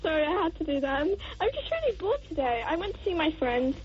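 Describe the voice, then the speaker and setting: A young woman phoning in to a radio show, giggly and cheeky, with hesitant, halting talk. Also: very high voice, very animated. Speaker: caller. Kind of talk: phone-in chat. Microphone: phone line. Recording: muffled radio phone-in.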